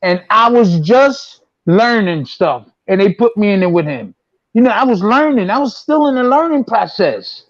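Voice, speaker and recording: A man in his sixties, once a boxer, tells long, rambling stories in a high voice with big swings in pitch, repeating himself and acting out quotes. He talks casually at a moderate pace. The lo-fi recording sounds dull and dry, with no echo.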